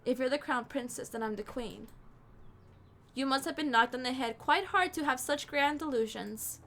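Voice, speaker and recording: A rude shopkeeper snaps and scolds, played by a woman with a high, bright voice. The delivery is harsh, bossy and scornful, pushing someone away from the door. It comes across as a game character read aloud by a streamer. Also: moderate pace.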